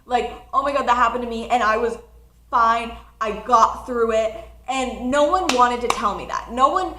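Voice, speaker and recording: A nineteen-year-old woman telling a personal story in a casual vlog, chatty and animated, often laughing. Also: on the high side, moderate pace, roomy sound, slight background noise. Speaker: college student vlogger.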